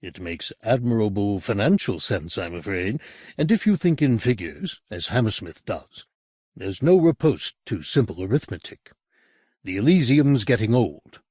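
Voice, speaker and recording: A man voicing a persuasive, cultured older gentleman who speaks in a measured, grave way. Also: lowish voice, big pitch swings, slightly rough, no echo, studio quality. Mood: wistful.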